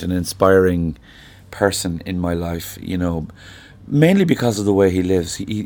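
Irish singer-songwriter in his sixties, low voice, thoughtful unhurried storyteller in an interview. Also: a little mellow. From Ireland. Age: 60s. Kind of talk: reflective conversational interview.

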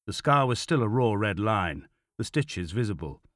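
A male narrator reads a thriller novel in a steady, measured voice that sits on the low side. The sound is close and dry, with no room echo. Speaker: audiobook narrator. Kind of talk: scripted narration.

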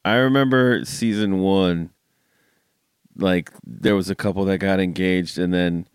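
Slow, low-voiced podcast co-host man. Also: fairly even intonation, smooth, no room sound, clean studio sound. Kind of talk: casual podcast chat.

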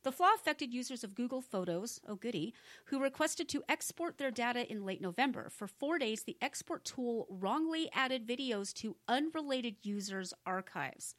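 A woman's voice: on the high side, lively intonation, normal speed, dry recording. A woman co-hosting a casual talk show, giving blunt, indignant commentary and reading news. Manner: blunt, indignant, laughs often. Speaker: co-host.

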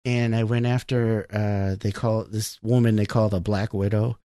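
A man's voice: on the low side, moderate pace, no echo, studio quality. Man animatedly telling gaming stories. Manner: animated storytelling, acts out his own reactions, swears freely. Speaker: gamer. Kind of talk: casual chat about a video game.

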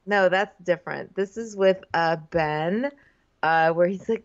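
A woman's voice: on the low side, a little slow. A woman co-hosting a casual chat, wry and teasing, quoting people in mock voices. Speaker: podcast co-host. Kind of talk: casual chat recapping a reality show. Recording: dull lo-fi sound.

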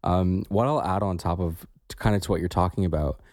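A man's voice: sits low, a little fast, a little mellow, no room sound, studio quality. A man co-hosting a podcast, talking in a reflective, casual way with many "like" fillers. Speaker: podcast co-host.

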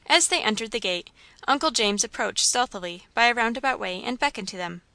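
A woman's voice: on the high side, lively intonation, brisk, gravelly, pushed and bright, no room sound. A woman reading a novel aloud as scripted narration, lightly shading the characters' dialogue. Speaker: audiobook reader.

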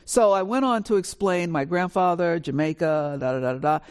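A woman in her sixties shares her family story on stage at a live panel. She is from New York and speaks with lively, animated energy. She acts out the dialogue as she goes. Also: lowish voice, fairly quick, smooth. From New York, USA. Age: 60s. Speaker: author on a panel. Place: college auditorium with a live audience.

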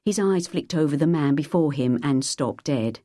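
In a measured, even storytelling manner, a woman narrates an audiobook. Her voice sits low, and the clean studio recording has no echo.

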